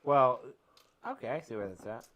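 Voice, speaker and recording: A man's voice: mid-range voice, lively intonation, normal speed, dull audio, crowd noise. A man co-hosting a casual show, dropping dry, teasing remarks. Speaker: co-host. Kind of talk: casual chat.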